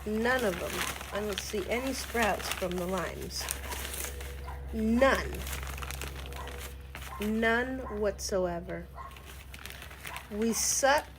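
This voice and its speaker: A woman's voice: mid-range voice, very slow, long pauses, noisy background. Jumpy, swearing woman streamer outdoors. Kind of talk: casual gardening vlog chat. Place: outdoors in a garden. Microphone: camera on a tripod.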